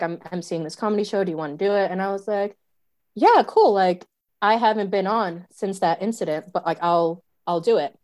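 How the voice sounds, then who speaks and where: A young woman, a stand-up comedian telling a story in casual chat, animated, full of fillers and swearing. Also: medium pitch. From New York City.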